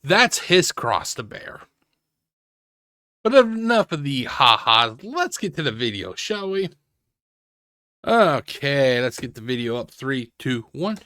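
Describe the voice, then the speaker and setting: A man's voice: medium pitch, very animated, slow pace, pauses often, sharp tone, dry recording, clean studio sound. A man giving mocking reaction commentary, sarcastic and ranting, swearing heavily. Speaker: commentary host.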